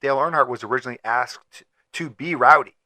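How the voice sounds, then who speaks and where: A man's voice: mid-range voice, quick pace, pushed and bright, no echo. A man co-hosting a podcast, talking casually and with amusement about a movie, with many filler words. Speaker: podcast co-host. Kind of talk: casual movie-discussion chat.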